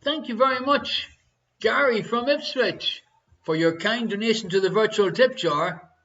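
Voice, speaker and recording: An Irish man runs a live online quiz show from home, his high voice bright and pushed, with lively intonation and a slightly slow pace. Jokey and chatty, he reads every question twice and banters with his partner, all captured in dull lo-fi stream audio.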